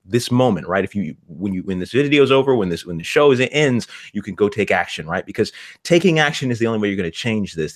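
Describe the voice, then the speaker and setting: A man co-hosting a motivational talk show, speaking in quick, punchy bursts and repeating words for emphasis. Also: fairly low pitch. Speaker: podcast co-host.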